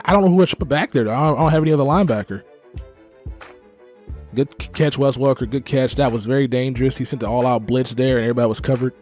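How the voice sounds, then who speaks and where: Young man muttering over his game. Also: mid-range voice. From Texas. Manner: swings from muttering to frustrated yelling. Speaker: gaming YouTuber. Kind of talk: live gameplay commentary.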